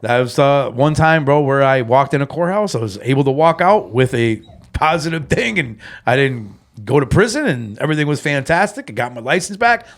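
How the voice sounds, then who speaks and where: A man on a casual sobriety podcast, telling his story with lots of feeling and scattering bro and man through his talk. His voice sits at an ordinary middle pitch, swings widely as he gets worked up, and at times gets close to tears. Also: brisk. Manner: animated storyteller, heavy fillers like man and bro. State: tearful when reliving the moment. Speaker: podcast co-host. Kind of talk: casual chat, personal recovery story.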